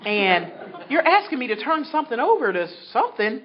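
A woman sharing her story with an audience at a recovery meeting, animated and laughing as she talks. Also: on the high side, a little fast. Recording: dull recording with a crowd behind.

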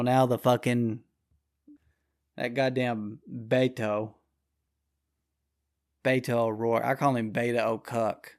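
A man hosting his own show, delivering a blunt, profane, rambling solo rant. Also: mid-range voice.

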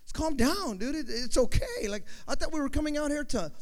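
A man voicing an anxious friend who pleads for calm, in a sermon story. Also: fairly quick. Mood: pleading. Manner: pleading, high-strung. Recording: long hall reverb.

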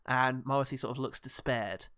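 A man's voice: medium pitch, fairly even intonation, normal speed, fairly bright tone, clean tone, no room sound, studio quality. A man co-hosting a casual film podcast, chatty, laughing often and acting out quoted lines. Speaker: podcast co-host.

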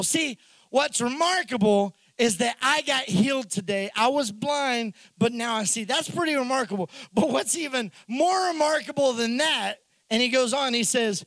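High-voiced animated preacher man. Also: moderate pace, no echo. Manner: animated, acts out the characters' lines. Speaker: pastor. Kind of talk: sermon.

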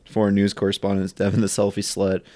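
A man with an ordinary pitch sharing news items on a podcast, stumbling through ums and restarts. His voice sounds dry and close, with little room around it. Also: completely flat delivery, fast, mellow, dry recording. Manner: hesitant, many ums and restarts. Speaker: podcast co-host reading news. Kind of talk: casual news chat.

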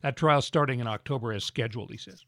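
A man's voice: mid-range voice, fast, fairly bright tone, dry recording, studio quality. A middle-aged man co-hosting a podcast, telling wry anecdotes with easy laughs in casual banter. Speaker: podcast co-host.

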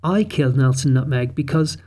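Earnest woman park manager owning up, a man reading her, mellow tone. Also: medium pitch, brisk, lightly acted. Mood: earnest confession.

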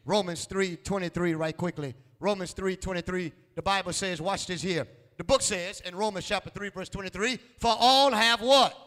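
High-voiced preacher shouting in a hall. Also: male voice, fairly even intonation, normal speed. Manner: call-and-response preaching, repeats lines, rising to shouts. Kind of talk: sermon. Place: church sanctuary.

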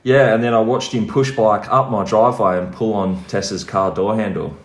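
A man's voice: lowish voice, fairly even intonation, normal speed, reverberant. An Australian man casually telling a story as a podcast guest, swearing freely and laughing as he goes.

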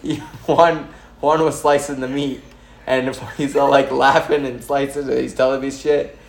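A man's voice: mid-range voice, flat delivery, normal speed, gravelly. A man in casual chat, joking around and laughing often. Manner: joking banter, frequent laughter. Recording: echoey room with faint background noise.

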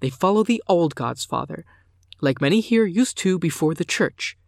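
A man voicing a defiant teenage girl accused of witchcraft, speaking calmly and coolly. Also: on the high side, a little slow, vocal fry, no echo, studio quality, voice pushed up. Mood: calm defiance. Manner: calm, cool and composed.

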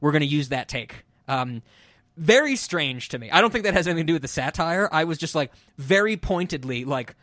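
A man's voice: fairly high pitch, animated, a little fast, a bit bright, no room sound, clean studio sound. A man co-hosting a podcast and chatting casually about a film. He rambles and acts out the lines he quotes. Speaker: podcast co-host.

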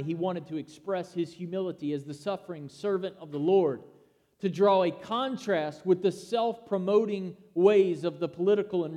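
A man's voice: sits high, dark tone, long reverb tail. A man preaching a sermon, emphatic and asking rhetorical questions. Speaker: pastor.

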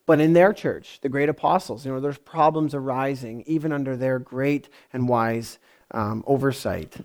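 A pastor preaches conversationally, often putting questions to his congregation. His voice sits in the mid-range, a little mellow, at a moderate pace.

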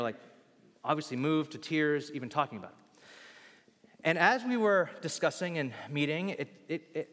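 Guy preaching a sermon, kinda high voice, lots of long echo from a big hall, acts out little back and forth bits. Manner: animated, acts out little dialogues, laughs at own jokes. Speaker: pastor. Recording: long reverb of a large hall.

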